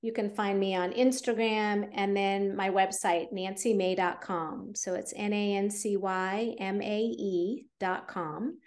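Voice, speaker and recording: A woman's voice: medium pitch, fairly even intonation, measured pace, few pauses, a little mellow. A woman guest on a podcast, a fertility coach explaining her methods in an earnest, conversational way with fillers. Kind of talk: podcast interview.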